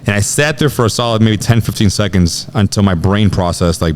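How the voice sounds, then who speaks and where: A man's voice: on the low side, slight background noise. A man in his thirties telling a personal story as a podcast guest in casual, slangy talk, often saying bro. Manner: rapid slangy talk, says bro a lot.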